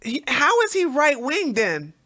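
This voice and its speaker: A woman hosting a casual livestream, reading chat comments and telling animated stories with frequent laughs and repeated words. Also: high-pitched, unhurried.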